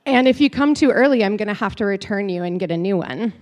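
A woman putting on the voice of a stern man who gives orders to his robot, in a low, teasing tone while telling a story. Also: lively intonation, fast talker, a little mellow, close to an everyday voice. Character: commanding man playing a robot's owner.

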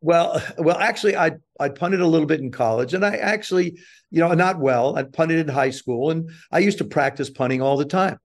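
An older man, a guest on an interview show, telling a self-deprecating story with lively acted-out quotes. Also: a little high, fairly quick.

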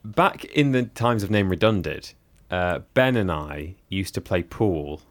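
A man with a very deep voice chats on a group podcast. He explains things in a dry, matter-of-fact way. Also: animated, a little slow. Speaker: podcast co-host. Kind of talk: casual group chat.

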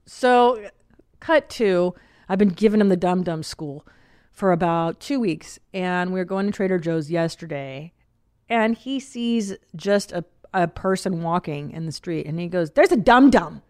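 Chatty woman host telling stories. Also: on the low side. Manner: animated storytelling, acts out quotes, laughs often. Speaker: podcast host. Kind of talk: casual chat.

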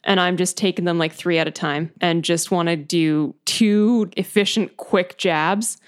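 A woman playing a tabletop game, describing her character's actions in a lively, giggly way. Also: fairly low pitch, measured pace. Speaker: player. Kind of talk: casual tabletop play.

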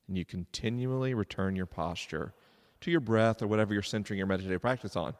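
A man giving a live talk to an audience, animated and joking as he addresses the crowd. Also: lowish voice, fast talker. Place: large stone church, live event. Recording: live hall with long reverb.

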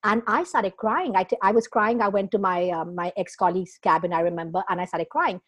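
A woman appears as a guest in a casual interview, speaking fairly quickly in a mid-range voice. She's expressive and emotional, laughing often and using plenty of fillers.

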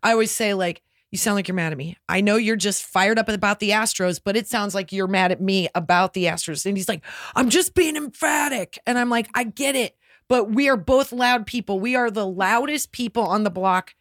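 A woman comedian from Nebraska, a podcast guest telling lively stories and laughing often in casual chat. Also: mid-range voice, brisk, no echo, studio quality. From Nebraska, USA.

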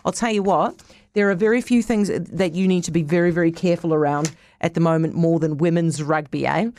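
A woman with a New Zealand accent hosting a live news show, talking in a brisk, chatty and direct way. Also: fairly low pitch, darkish tone. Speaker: radio news host.

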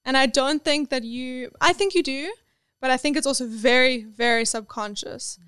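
A woman's voice: high voice, normal speed, a bit bright, clear, resonant tone, no room sound. A woman pet psychic speaking as a podcast guest, earnest and reassuring, with frequent restarts. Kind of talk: casual podcast conversation.

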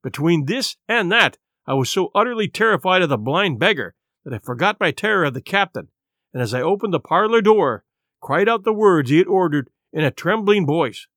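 Male audiobook narrator, slightly high voice, dramatic storybook reading. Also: lively intonation, fairly quick, fairly bright tone, no echo, studio quality. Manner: dramatic, varied pacing.

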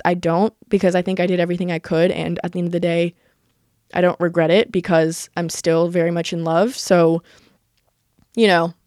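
A woman's voice: medium pitch, darkish tone, no echo, clean studio sound. A young woman in her twenties hosting a podcast, telling a personal story in a rambling, candid way, full of "like" and casual swearing. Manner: fast, filler-heavy talk with lots of "like" and swearing. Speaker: podcast host.

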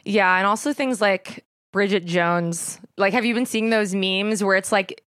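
A woman's voice: medium pitch, a little slow, a bit bright, clean tone, dry recording, studio quality. A woman in her thirties co-hosting a podcast, chatting in a laid-back, agreeable way with casual swearing. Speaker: podcast co-host. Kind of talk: casual chat.

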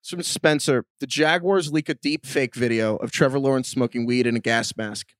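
A man co-hosting a podcast in casual chat, riffing through quick jokey tangents. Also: medium pitch, steady tone, no room sound, studio quality. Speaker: podcast co-host.

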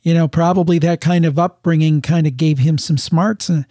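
A man's voice: a little high, steady tone, normal speed, warm tone, no room sound, studio quality. A man hosting a podcast, chatting casually with a guest in an easygoing, hesitant way. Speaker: podcast host. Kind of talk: casual chat.

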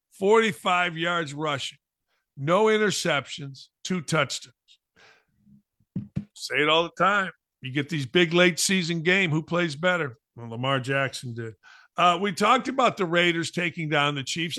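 A man with a bright, forceful voice, slightly high for a man, hammers home his sports opinions in a talk-show monologue. He repeats points for emphasis and slips into mocking asides. His voice sounds close and dry, with no room around it. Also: no echo.

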